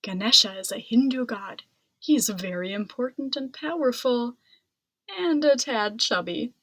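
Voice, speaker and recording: A woman reading a children's picture book aloud in an expressive, dramatic way. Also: a little high, measured pace, no echo. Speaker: storybook reader. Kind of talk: children's storybook read-aloud.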